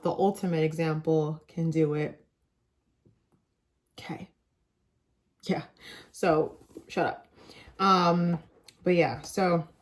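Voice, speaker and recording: A young woman vlogger chatting casually, rambling with lots of filler words and getting animated when excited. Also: lowish voice. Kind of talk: casual chat.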